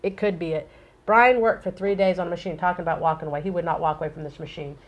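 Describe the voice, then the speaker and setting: A middle-aged woman co-hosting a casual chat, telling animated stories and acting out dialogue. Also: lowish voice, fast talker. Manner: animated storyteller, acts out dialogue. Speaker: co-host.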